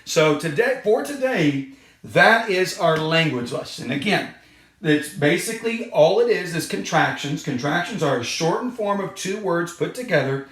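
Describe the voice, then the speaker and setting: A man's voice: on the high side, expressive, normal speed, a bit bright. A male third grade teacher giving an online lesson to children and parents, patiently repeating points and stressing key words. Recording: echoey room.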